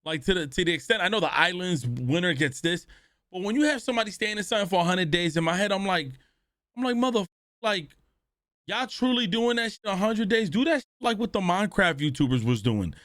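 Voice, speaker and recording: Streamer guy reacting live, swears a lot, pretty high voice, dry close sound. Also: expressive, fast, fairly bright tone, no room sound. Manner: blunt, profane, talks straight to chat.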